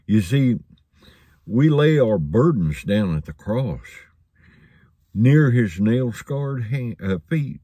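A man's voice: mid-range voice, animated, takes it slowly, warm tone, breathy edge, no room sound. A man preaching a sermon in a folksy storytelling manner, chuckling along.

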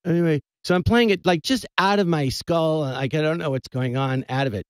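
A man who is a comedian guest, telling an animated anecdote and laughing as he goes, at a radio studio microphone. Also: a little high, brisk, dry recording. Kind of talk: storytelling anecdote.

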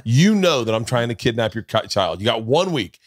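A man hosting a podcast, telling comic stories in a casual, animated way and acting out quoted lines with big jumps in pitch. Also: a little fast, no room sound, studio quality. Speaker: podcast host. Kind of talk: casual comedic storytelling.

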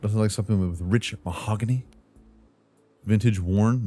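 A man's voice: lowish voice, moderate pace, dark tone, husky, soft background music. A man casually commentating while he plays a house-building game, joking with himself and calling out what he builds. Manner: playful, talks to himself, jokey asides like "brother". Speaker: gaming channel host. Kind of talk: casual let's-play commentary.

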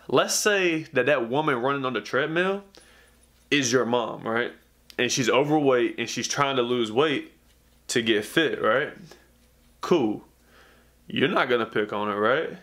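A man, a fitness vlogger, telling a story straight to camera in a heated, profane rant that keeps circling back with "bruh.". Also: unhurried. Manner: acts out others' lines in a higher, lively voice.

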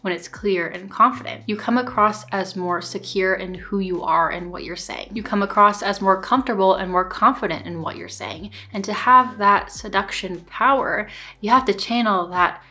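A young woman vlogging advice to camera in a relaxed, conversational way, often checking in with "right?". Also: medium pitch, normal speed. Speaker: lifestyle vlogger giving dating advice. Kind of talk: casual instructional talk to camera.

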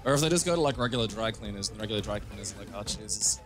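Rapid-fire and fairly low-pitched, an animated man trades jokes and swears freely while casually commentating on a game. He co-hosts a gameplay channel, and game music plays underneath.

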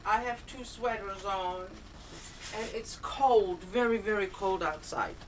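An older woman chats unhurriedly at a middle pitch while unboxing a craft swap. She gushes and exclaims over every little piece. A faint hum of room noise sits behind her. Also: takes it slowly, rough recording. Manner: gushing, exclaiming over small craft items. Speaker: crafter opening a swap package. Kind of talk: casual unboxing chat. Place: cold home, heater on.

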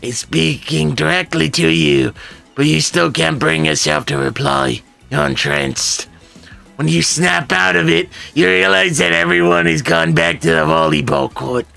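A man reads a game's narration aloud in a wry, theatrical way, slipping in joking asides. His voice is heavily gravelly, with lots of fry, and it sits a touch high with a bright edge. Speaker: let's play host.

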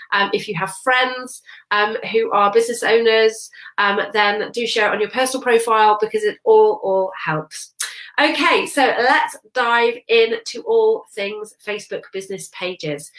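A woman's voice: medium pitch, fairly bright tone. Woman with a nasal, stuffy head-cold voice. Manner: chatty, many "um" fillers. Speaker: social media coach. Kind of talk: casual teaching talk to camera. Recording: roomy echo.

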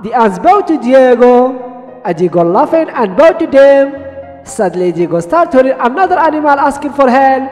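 A man's voice: very high voice, sing-song, moderate pace, darkish tone. A man retelling a cartoon episode in simple non-native English; Arabic is his first language. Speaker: narrator. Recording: echoey room with faint music.

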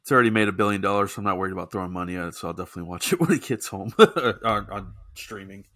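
A man's voice: deep voice, racing, bright, forceful tone. A man co-hosting a comedy podcast, talking loosely and casually with plenty of swearing. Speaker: podcast co-host. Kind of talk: casual chat.

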